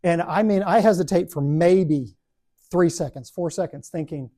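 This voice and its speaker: A man's voice: a little high, moderate pace. A man teaching a Bible study group, telling a classroom story with lots of energy and acting out the voices of the people in it. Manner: animated, acts out voices and laughs at own stories.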